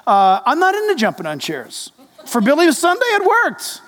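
A male pastor preaching a sermon in a church, animated and speaking directly to the congregation. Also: extremely high pitch, moderate pace. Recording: echoey reverb of a large hall.

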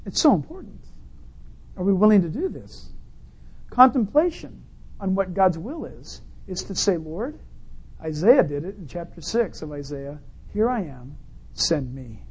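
Lively, joking male preacher. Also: sits high, normal speed, husky. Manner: conversational and humorous, with rhetorical questions and swings from loud to quiet. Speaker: pastor. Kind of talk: sermon.

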